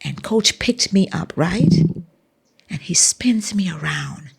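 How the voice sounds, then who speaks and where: A Bahamian woman tells stories from her running career as an interview guest. Her voice sits fairly low, with a gravelly fry and a husky, breathy edge. She is an animated storyteller who acts out the dialogue. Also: takes it slowly. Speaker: guest, former track athlete.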